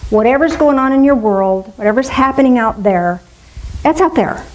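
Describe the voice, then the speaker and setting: Woman minister, middle-aged, higher voice, warm and playful spiritual talk. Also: lively intonation, normal speed, poor audio. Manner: warm, playful, musing aloud with asides.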